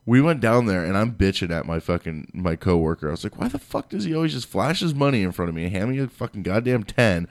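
A man's voice: fairly low pitch, big pitch swings, fast talker, few pauses, no echo, clean studio sound. A young man co-hosting a podcast, telling a workplace story in casual, profane chat and acting out what people said. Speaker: podcast co-host.

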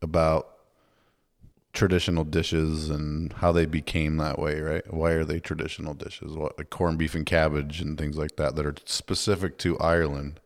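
A man's voice: extremely low pitch, level tone, normal speed. A man co-hosting a podcast in casual chat, rambling with lots of hedging fillers. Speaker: podcast co-host.

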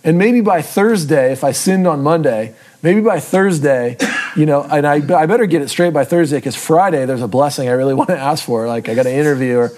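A man's voice: fairly high pitch, brisk, noisy background. A man giving a casual, self-deprecating Bible lesson, often checking in with his listeners. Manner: casual, checks in with frequent tag questions. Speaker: Bible teacher. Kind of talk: conversational teaching talk.

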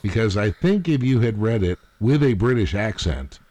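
A man co-hosting a book podcast, with measured, dry humor. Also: lowish voice, lively intonation, dark tone, no room sound. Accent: American. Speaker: podcast co-host. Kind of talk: casual book-club chat.

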